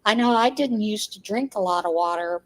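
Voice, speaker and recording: A woman co-hosting a casual live stream, explaining practical advice in an easy, conversational way. Her voice sits at an ordinary middle pitch. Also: brisk. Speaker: co-host.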